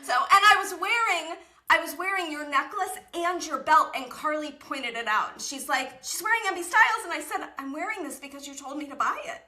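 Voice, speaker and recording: A woman's voice: high voice, lively intonation, brisk, few pauses, bright, forceful tone. A middle-aged woman hosting a casual podcast, an enthusiastic and chatty storyteller with a college-age daughter. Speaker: podcast host.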